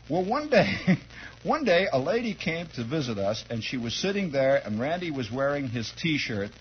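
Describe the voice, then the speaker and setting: A male radio host telling a rambling comic childhood story in an animated, chuckling, conversational way, on a dull lo-fi 1960s radio recording. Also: fairly high pitch, slight background noise.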